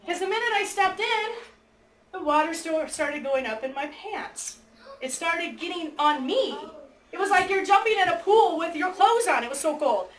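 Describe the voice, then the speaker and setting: A woman teacher telling a story to her class with lively energy, acting out both sides and breaking into squeals and shouts. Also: very high voice, moderate pace. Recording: echoey room, mic far off, faint noise.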